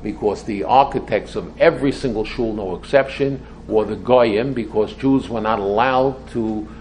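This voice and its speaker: Older guy teaching a torah class, gets loud and excited, rambles, slips in hebrew. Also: lowish voice, moderate pace, slight background noise. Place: room with a small audience.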